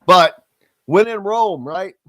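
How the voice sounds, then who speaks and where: A man, hosting a casual sports radio talk show with drawn-out, emphatic, opinionated delivery. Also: sits high, lively intonation, a bit bright, dry recording. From Southern Indiana.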